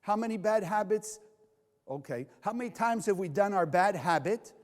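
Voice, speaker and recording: A man's voice: high-pitched, moderate pace, big-room sound. A man teaching Kabbalah to a live audience, asking them questions and acting out the voices in people's heads. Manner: animated, acts out inner voices, asks the audience questions.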